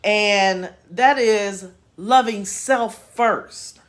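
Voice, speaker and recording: A woman's voice: mid-range voice, drawn-out words. A woman hosting a casual spiritual chat from home, folksy and chatty with laughing asides. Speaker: host. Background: home repair noise.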